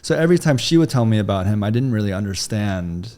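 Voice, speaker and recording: A man's voice: lowish voice, animated, fast talker, warm tone. A man in his thirties, a podcast guest telling a long personal story in a casual, chatty way full of "like" fillers, on a studio mic.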